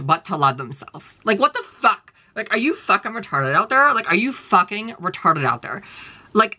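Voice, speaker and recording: A man's voice: a little high, sharp tone. A man vlogging a casual rant to his viewers, rambling and profane, with constant fillers and emphatic jabs.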